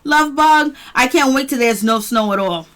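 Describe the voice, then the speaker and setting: In a casual stream with live chat, a woman from the Boston area reviews a reality show, addressing viewers by name and laughing frequently. Her high-pitched, slightly bright voice moves at a normal speed.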